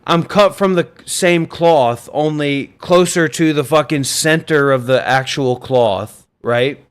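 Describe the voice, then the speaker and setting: A man's voice: a little high, takes it slowly, clear, resonant tone. A man hosting a livestream, ranting in an intense, profane and combative way. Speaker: livestream host, former monk. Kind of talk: livestream rant.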